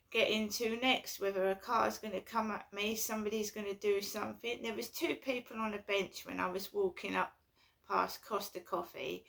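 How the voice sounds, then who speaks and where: A woman's voice: medium pitch, gravelly, a bit bright. A woman vlogging in a casual, anxious and rambling way, repeating her complaints. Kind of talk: casual personal vlog.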